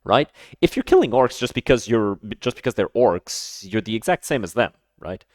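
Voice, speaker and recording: A man giving casual reaction commentary, emphatic and quick to repeat himself, often stumbling and restarting his phrases. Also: fairly low pitch, sing-song, no room sound, studio quality. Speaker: streamer reacting to a video.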